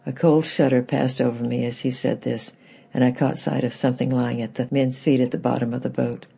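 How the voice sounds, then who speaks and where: A man reading a children's book aloud in gentle, plain storybook narration, with a husky, gravelly voice. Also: mid-range voice, flat delivery, fairly quick, highs cut off.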